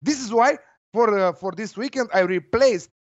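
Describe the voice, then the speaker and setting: A man's voice: high-pitched, moderate pace, dry recording, highs cut off. A man with a Romanian accent, a football betting tipster chatting casually and hesitantly, with many fillers. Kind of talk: casual chat.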